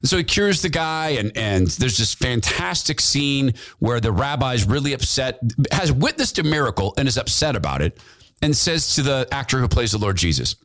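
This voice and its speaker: A man's voice: medium pitch, sing-song, normal speed, fairly bright tone. A man hosting a podcast, giving fervent, repetitive, preachy commentary into a studio mic. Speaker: podcast host. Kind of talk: impassioned political commentary.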